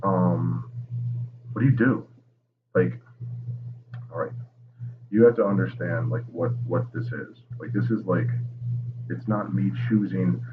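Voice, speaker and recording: Profane young man, deep, tinny line. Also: a little slow, long pauses. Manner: profane, rambling, jokey. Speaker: podcast host. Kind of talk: casual history storytelling. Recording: tinny phone-like line with noise.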